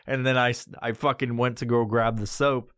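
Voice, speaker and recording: A podcast host tells a story in casual, profane talk, acting out the quotes with yelps and laughs. The voice is mid-range, smooth and a bit bright, with a flat delivery at a moderate pace, recorded clean in a studio with no echo.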